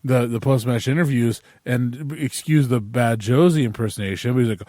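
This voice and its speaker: A male podcast host chatting casually about sport, animated and incredulous as he tells a story. His voice sits at an ordinary middle pitch. The sound is close and dry, with no room around it. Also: fairly quick, few pauses, no room sound.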